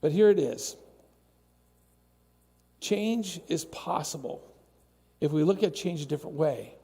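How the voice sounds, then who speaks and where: Lively high-voiced pastor in a hall. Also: male voice. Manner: animated, acts out quoted voices. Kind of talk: sermon. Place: church sanctuary.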